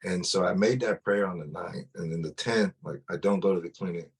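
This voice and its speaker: In a husky, low-pitched voice, a little fast, a man shares his testimony in a relaxed, conversational way. He frequently starts over and uses "like" as filler.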